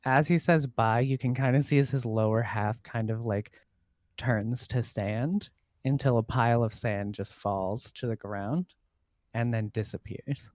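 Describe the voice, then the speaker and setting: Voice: medium pitch, steady tone, a little slow, darkish tone, no echo, clean studio sound. A game master casually narrating a tabletop game, voicing characters and laughing along.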